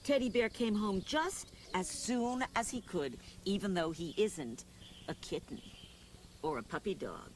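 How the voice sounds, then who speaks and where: A woman voicing a patient, gently scolding mother while reading a storybook aloud to children. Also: mid-range voice, expressive, measured pace, a little hiss or hum, pitched below the performer's own voice, close to an everyday voice.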